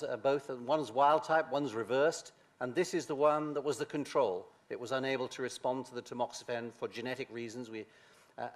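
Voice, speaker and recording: An older man giving a science lecture, halting, with many pauses and restarts. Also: medium pitch. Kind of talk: academic lecture.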